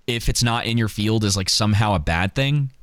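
A man's voice: on the low side, a little fast, a bit bright, dry recording, studio quality. A man co-hosting a podcast, talking casually with frequent "like"s and restarts. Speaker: podcast co-host. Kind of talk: casual political chat.

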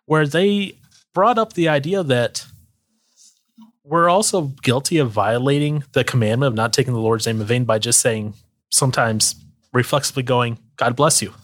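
A man's voice: mid-range voice, moderate pace. A man co-hosting a casual faith podcast, talking in a loose, rambling way with fillers and quoted asides. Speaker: podcast co-host. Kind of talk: casual chat about faith.

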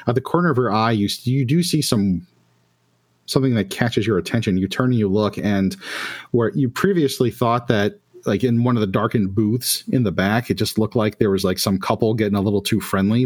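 A man's voice: lowish voice, slightly rough. A man narrating a tabletop game as game master, with loose, filler-heavy phrasing.

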